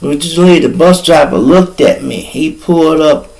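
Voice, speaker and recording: A man's voice: a little high, moderate pace, vocal fry, a little mellow, rough recording. A middle-aged man hosting his own show, telling stories in a loose, profane, chatty way. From Chicago. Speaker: podcast host. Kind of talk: casual storytelling.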